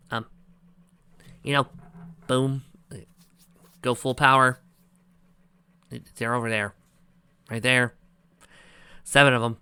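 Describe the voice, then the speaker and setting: A man's voice: medium pitch, sharp tone, clean tone, no echo. A man reading a fan fiction story aloud and breaking off into sarcastic commentary. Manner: sarcastic, ranting asides.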